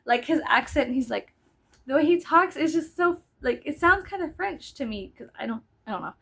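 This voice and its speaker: A woman's voice: sits high, expressive, brisk, creaky, a bit bright, poor audio. A woman in her thirties chatting casually in a vlog, rambling with lots of fillers and asides. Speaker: vlogger. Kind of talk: casual chat.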